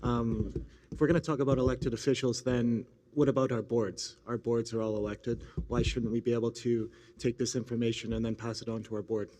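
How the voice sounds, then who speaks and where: Flat, dark-voiced man in a reverberant hall. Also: mid-range voice, normal speed, hardly any pauses. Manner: talks with a candy in his mouth. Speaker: regional president at assembly. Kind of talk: speaking from the floor.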